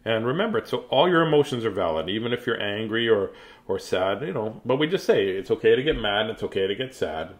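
A man's voice: fairly low pitch, lively intonation, fairly quick. A man chatting to children and then reading a picture book aloud in a playful, sing-song way, at home.

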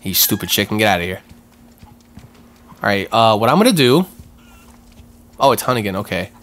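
A man's voice: fairly low pitch, moderate pace. A man hosting a let's-play, giving casual, slangy commentary and repeating himself as tension builds. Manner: excitable, yelps and repeats himself in tense moments. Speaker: gaming channel host. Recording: game music playing loudly underneath.

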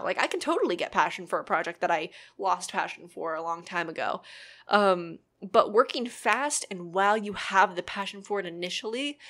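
Woman just chatting, ums and likes everywhere, kinda rambly but encouraging, normal pitch. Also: fairly bright tone. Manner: earnest, encouraging advice. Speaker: YouTube creator answering viewer questions. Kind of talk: casual chat.

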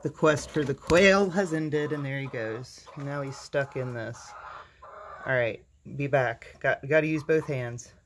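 An excitable homestead vlogger films outdoors on a handheld phone and chats straight to viewers. The delivery is flustered and jittery, with frequent laughs and many asides to "you guys." The voice sits at a middling pitch. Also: unhurried, slight background noise. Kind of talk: casual vlog narration to camera. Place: outdoors in a backyard with a quail coop.

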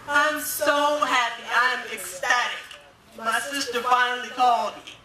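A woman's voice: on the high side, measured pace, bright, forceful tone. A woman giving a personal testimony as a guest speaker, telling her story and acting out the voices of people she quotes. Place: domestic violence awareness walk event. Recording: echoey, distant, crowd noise behind.

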